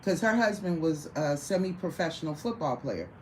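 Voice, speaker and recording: Woman, lower register, spinning a bawdy anecdote with big laughs over faint room noise. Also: moderate pace, low-quality recording. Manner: profane, animated, laughs through the story. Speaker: storyteller. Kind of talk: casual storytelling to a small audience.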